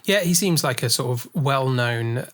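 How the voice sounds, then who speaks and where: A man's voice: medium pitch, expressive, unhurried, a bit bright. A man co-hosting a film podcast, talking casually and thinking aloud with fillers and restarts. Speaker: podcast co-host.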